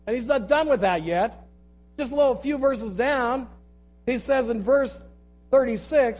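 A man's voice: very high-pitched, measured pace, a little mellow, rough recording. A man preaching an earnest sermon, reading scripture aloud and repeating key phrases. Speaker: pastor.

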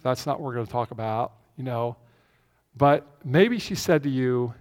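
A man's voice: a little high, expressive, fairly quick. A male pastor giving a conversational sermon, repeating key phrases for emphasis, in a church. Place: church with a screen behind him. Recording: long reverb of a large hall.

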